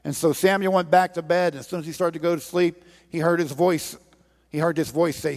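Earnest preacher in an echoing hall. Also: male voice, fairly high pitch, fairly even intonation, a little fast. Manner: earnest, pleading, retells scripture with quoted voices. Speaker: pastor. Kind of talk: sermon. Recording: long reverb of a large hall.

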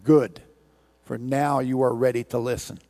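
A man voicing a calm, wise woman teacher who speaks in short, blunt statements. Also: medium pitch, unhurried, voice pushed down, natural voice. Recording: long hall reverb.

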